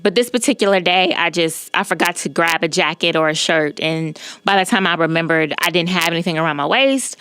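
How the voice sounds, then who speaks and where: A woman hosting a podcast, telling a personal story in an emphatic, animated way and often checking in with the listener. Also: on the low side, a little fast, hardly any pauses, smooth, no echo. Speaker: podcast host.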